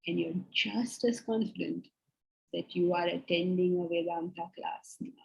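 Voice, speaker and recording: A woman's voice: on the low side, steady tone, moderate pace, gravelly, a little mellow, low-quality recording. A woman teaching a philosophy class, making emphatic points and putting rhetorical questions to her students. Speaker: spiritual teacher.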